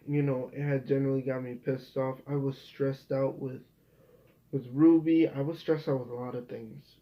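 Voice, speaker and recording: A young man talks straight to camera in a loose, rambling monologue. He swears freely and keeps restarting his sentences, at an ordinary middle pitch. The sound is muffled and lo-fi. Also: little pitch movement, unhurried. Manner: rambling, profane, frequent restarts. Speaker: video creator. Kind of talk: casual vlog monologue. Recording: dull lo-fi recording.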